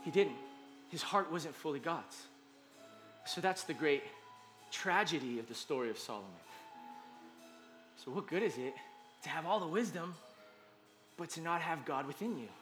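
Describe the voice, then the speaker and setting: A man's voice: a little high, expressive, normal speed, pauses often, fairly bright tone, faint music behind. A male pastor preaching a sermon in a casual, earnest, conversational way, often restarting his sentences.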